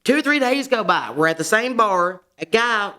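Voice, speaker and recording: A woman's voice: mid-range voice, expressive, normal speed, pushed and bright. A woman, a podcast guest and songwriter telling stories in a blunt, profane way. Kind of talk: casual chat.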